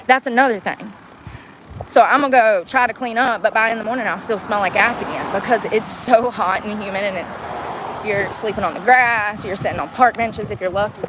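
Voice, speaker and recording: Talking fairly quickly in a mid-range voice, a woman rants bluntly and profanely in a vlog about being homeless. She records outside and in a car, with street noise and traffic audible in the background.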